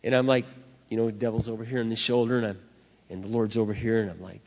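A man preaching a sermon through personal stories, animated, acting out dialogue and swinging between loud and soft. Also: lowish voice, rapid-fire. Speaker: pastor. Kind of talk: sermon with storytelling. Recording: dull recording in a reverberant hall.

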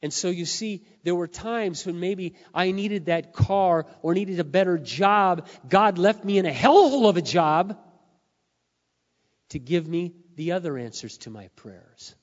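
A middle-aged man preaches in a slightly high voice that is going hoarse. He talks earnestly, dropping to quiet confessions, then building to loud, emphatic peaks. The sound is muffled, with a long reverb from a large hall. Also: animated, a little slow. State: losing his voice. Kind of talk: sermon.

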